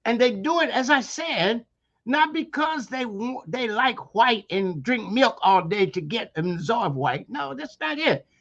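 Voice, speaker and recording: A university lecturer from Maryland's Eastern Shore, speaking with a Maryland African American Vernacular accent, gives an impassioned interview in an emphatic, preacherly style full of rhetorical questions. His voice is extremely high, animated, unhurried, and a bit bright, in a muffled recording.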